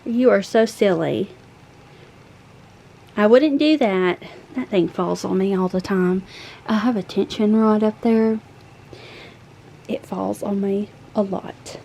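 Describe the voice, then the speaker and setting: A woman, chatting casually at home and cooing to her cats in a high sing-song voice. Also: takes it slowly, creaky, long pauses, warm tone, poor audio. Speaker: vlogger. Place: home room with pets.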